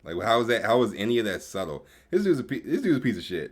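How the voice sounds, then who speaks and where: A man's voice: lowish voice, sing-song, fast, hardly any pauses. A man reacting to a clip in casual chat, slangy and swearing, laughing often. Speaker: streamer co-reacting.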